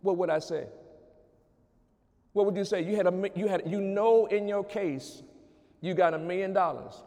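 A man's voice: sits high, fairly even intonation, normal speed, warm tone, long reverb tail. A man preaching a sermon as pastor, telling a story and building to emphatic call-outs to the congregation. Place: church sanctuary.

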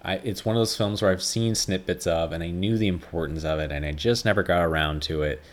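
A man's voice: sits low, brisk. A man hosting a casual solo podcast, rambling with lots of fillers and swearing freely. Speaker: podcast host.

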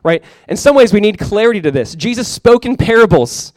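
A man's voice: sits high, expressive, no echo. Casual young male pastor, dry sound. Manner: casual, conversational, chatty with many fillers; soft, slow prayer. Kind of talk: sermon.

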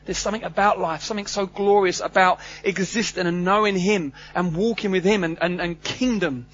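Earnest high-voiced male preacher. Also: fairly even intonation, brisk, a bit bright. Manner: earnest, emphatic, with many repeated restarts. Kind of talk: sermon. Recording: slightly dull sound with faint hum.

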